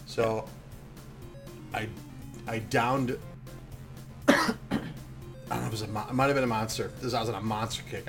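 A man in casual chat, telling a rambling story with lots of swearing and acting out what he said back then, sometimes getting loud. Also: fairly low pitch. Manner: animated, swearing, acts out his own past talk loudly.

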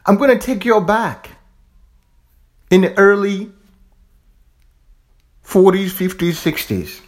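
A man's voice: sits high, slow pace. A man from Africa giving a fervent, repetitive monologue, swearing casually as he preaches. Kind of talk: impassioned monologue.

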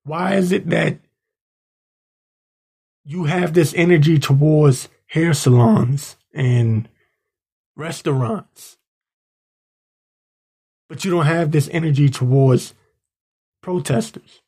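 This Washington DC–area podcast host delivers indignant, angry commentary and ridicules the people he discusses. His voice runs on the high side, warm and slightly rough, and he speaks slowly with long pauses.

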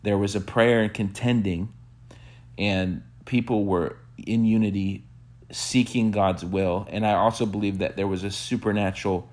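A man preaching a sermon, telling a story with animated quoted bursts and soft hushed reflective asides. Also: normal speed. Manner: animated storyteller, acts out quotes with sudden high-pitched bursts. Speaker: pastor.

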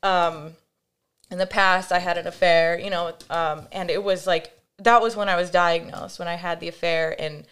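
A young adult woman, a podcast guest, telling a candid personal story in a casual, animated way, with many fillers and quoted voices acted out. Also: on the low side, normal speed, clean tone.

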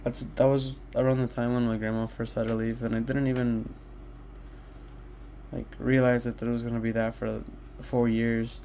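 A man's voice: mid-range voice, level tone, moderate pace, warm tone, a little hiss or hum. A young man in his own room, rambling candidly and swearing often in a casual solo talk to his listeners. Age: young adult. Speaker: podcast host.

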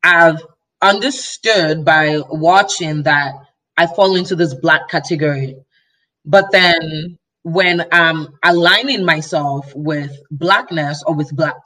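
A woman's voice: low voice, slow, pushed and bright. Thoughtful woman, slightly distant mic. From Nigeria. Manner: thoughtful, reflective. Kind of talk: casual chat.

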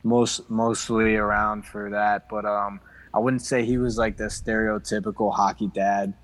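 A man who plays hockey, talking in a casual chat, halting with lots of fillers. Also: lowish voice, little pitch movement, dry recording, poor audio. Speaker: guest, hockey player.

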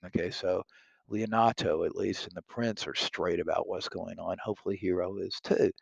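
A man's voice: low-pitched, steady tone, moderate pace, gravelly, husky, no room sound, muffled recording. A man reading a play aloud and stopping to explain it casually, thinking aloud with some hesitation. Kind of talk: casual explanation between read passages.

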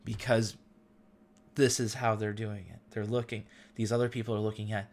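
A man's voice: fairly low pitch, flat delivery, moderate pace, slight background noise. Earnest man giving a faith talk. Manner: earnest and emotional, casual slang. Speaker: host.

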